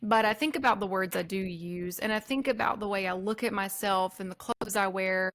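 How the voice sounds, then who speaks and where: A woman's voice: mid-range voice, fairly quick, a bit bright. A woman with a mid-range voice co-hosts a conversational podcast. She talks chattily and agreeably, her speech full of "like" and "um.". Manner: chatty, many likes and ums, agreeable. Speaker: podcast co-host.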